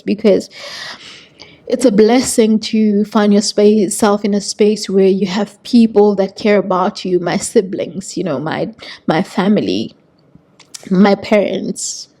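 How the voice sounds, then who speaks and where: A woman's voice: medium pitch, warm tone. A woman in her thirties with a South African accent, talking to camera as a vlog host in a heartfelt, earnest way, often repeating words. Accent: South African English. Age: 30s. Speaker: vlogger host. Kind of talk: casual motivational talk to camera.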